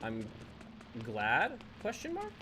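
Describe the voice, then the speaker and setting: A man's voice: on the high side, huge pitch swings, slow pace, bright, forceful tone, slight background noise. A young man, chatting casually with his viewers while playing a game on a live stream, laughing often and answering chat.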